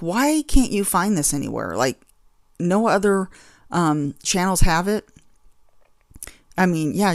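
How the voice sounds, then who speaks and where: A woman's voice: sits low, vocal fry, no room sound, studio quality. A woman hosting her own podcast, chatting casually and rambling, getting exasperated over small annoyances. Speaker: podcast host. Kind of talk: casual chat.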